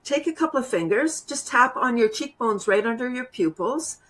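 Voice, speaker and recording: Her voice runs on the high side and a bit bright, with lively intonation and a normal speed. She is a woman teaching laughter yoga as a guest in a video-call interview, bubbly and often laughing as she guides viewers through a demo exercise.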